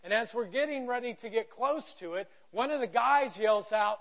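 A man in his thirties preaching a sermon, telling a story with animated quoted voices. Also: very high-pitched, normal speed. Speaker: pastor. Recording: dull lo-fi sound.

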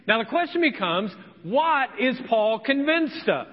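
In a church sanctuary, a pastor from Indiana, USA, preaches conversationally and imitates the voices of those he quotes. His voice is very high and sing-song, slow-paced with few pauses, and the recording sounds echoey, dull, and lo-fi.

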